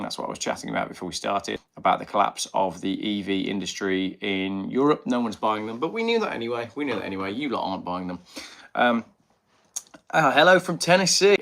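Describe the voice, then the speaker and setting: A man's voice: on the low side, vocal fry, a bit bright. A middle-aged man with a slight Birmingham accent, hosting a casual live-stream chat from a small home alcove and rambling through viewer comments with lots of ums. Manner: rambling, reads viewer comments aloud, many fillers. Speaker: channel host. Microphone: headphone mic on a live stream.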